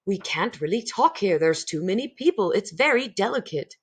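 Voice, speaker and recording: A woman reading aloud, voicing a kind, patient elderly grandmother who speaks gently and calmly. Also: mid-range voice, normal speed, breathy edge. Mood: firm. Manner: gentle, composed.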